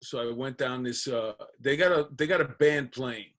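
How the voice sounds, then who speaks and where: A man's voice: medium pitch, moderate pace. A man, a comedian guest on a podcast, telling stories in casual chat and acting out the dialogue with plenty of swearing. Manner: animated storyteller acting out dialogue, profane.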